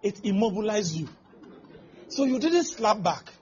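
A man's voice: high voice, big pitch swings, unhurried. A male pastor preaching a sermon, acting out scenes with exclamations and laughter. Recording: dull lo-fi sound with faint background noise.

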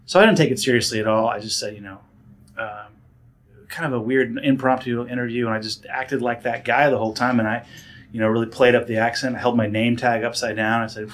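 Animated storytelling man. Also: mid-range voice, a little fast. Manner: animated storyteller, many fillers and restarts, acts out voices. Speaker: guest, director and actor. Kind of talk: casual storytelling interview.

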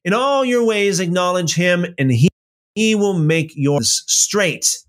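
Man, unhurried Bible study leader, reads verses deliberately and breaks off for casual asides. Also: high-pitched, animated. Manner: slow, deliberate reading with conversational asides and restarts. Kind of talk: Bible reading with commentary.

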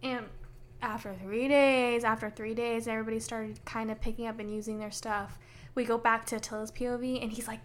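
A woman's voice: on the high side, level tone, fairly quick, a little hiss or hum. A woman co-hosting a podcast, adding short agreements and clarifications in casual chat. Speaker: podcast co-host. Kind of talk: casual book-club chat.

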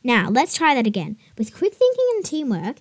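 A woman reading a children's adventure story aloud in a soft, hushed way. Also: a little high, wildly swooping pitch, normal speed, no echo, clean studio sound. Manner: soft, hushed reading that drops to near whisper.

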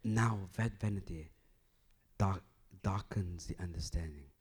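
A man preaches at a measured pace with a breathy edge to his voice. He moves between loud, emphatic bursts and hushed, low lines, repeating phrases as he develops his point.

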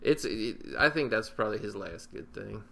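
A man's voice: lowish voice, animated, moderate pace, gravelly, sharp tone. A man co-hosting a podcast in casual chat, opinionated and sarcastic, swearing freely. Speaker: podcast co-host.

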